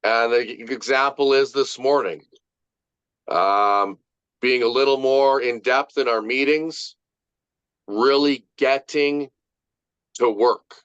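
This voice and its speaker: A man's voice: mid-range voice, slow, long pauses, fairly bright tone, clear, resonant tone, dry recording. A man leading a casual motivational group talk, emphatic, swearing freely and repeating his points. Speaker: group leader. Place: online video meeting. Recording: muffled dry video call recording.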